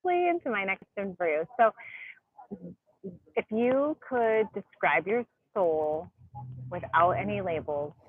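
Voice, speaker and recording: A woman's voice: medium pitch, lively intonation, measured pace, pauses often, slightly rough, no room sound. A woman interviewing a guest over a video call, asking questions casually with hesitant fillers. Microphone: video call microphone. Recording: tinny video-call audio.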